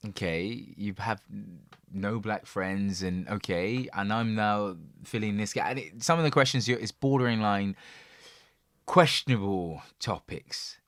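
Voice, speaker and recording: A man co-hosting a podcast, telling stories in a lively casual way and laughing often. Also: on the low side, dry recording, studio quality. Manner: animated storyteller, laughs often. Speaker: podcast co-host. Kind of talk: casual chat.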